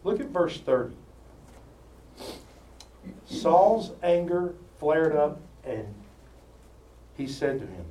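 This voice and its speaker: Male preacher, lively and animated in his storytelling, recorded from across a roomy space. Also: fairly high pitch, slow, long pauses. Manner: animated storytelling with asides and jokes. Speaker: preacher teaching a Bible study. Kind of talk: sermon. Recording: roomy sound from far off with faint ambience.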